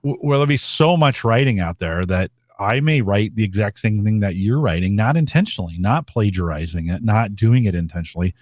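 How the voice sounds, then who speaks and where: A man co-hosting a podcast, talking in a thoughtful, measured way with frequent fillers. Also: on the low side, lively intonation, a little mellow, no echo, studio quality. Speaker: podcast co-host. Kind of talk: casual podcast chat.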